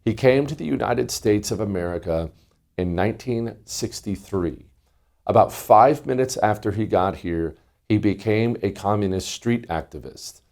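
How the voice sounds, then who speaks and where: A man's voice: fairly low pitch, animated, moderate pace, creaky, a little mellow. A middle-aged man hosting a talk show, delivering a combative, sarcastic monologue. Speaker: host.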